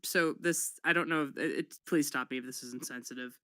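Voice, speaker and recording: A guest on a casual chat who talks in an excitable, animated way and laughs often. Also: mid-range voice, brisk, no room sound.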